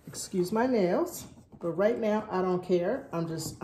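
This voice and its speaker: A woman's voice: mid-range voice, lively intonation, unhurried, warm tone, roomy sound, slight background noise, rough recording. A woman filming an unboxing vlog at home, gushing with gasps and repeated exclamations of delight. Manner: gushing, gasping, breathless exclamations. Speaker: vlogger. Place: at home, indoors.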